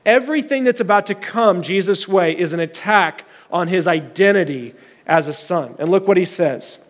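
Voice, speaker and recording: Earnest high-voiced male pastor preaching. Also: normal speed, in a large hall. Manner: earnest, conversational preaching with scripture readings. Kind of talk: sermon.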